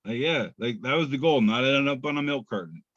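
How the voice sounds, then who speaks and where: A man's voice: medium pitch, animated, fairly quick, fairly bright tone, no echo. A man co-hosting a podcast, reading memes aloud in a laid-back, chuckling, self-deprecating way. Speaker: podcast co-host. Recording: slightly muffled dry podcast audio.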